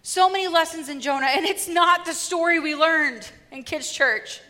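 High, bright woman preaching in a hall. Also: moderate pace. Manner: lively, humorous storytelling. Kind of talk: sermon.

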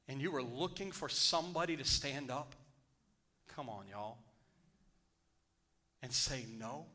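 With a fairly high-pitched voice, a pastor reads a scripture passage and then preaches on it. His delivery falls to a hush and climbs loud again, and he repeats key phrases for emphasis.

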